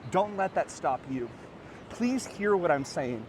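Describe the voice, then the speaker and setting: A man in his thirties, a podcast host and coach, giving an energetic, earnest motivational talk to camera outdoors by a beach. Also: sits high, a little slow, slight background noise. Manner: energetic, animated and earnest, rising to excited peaks.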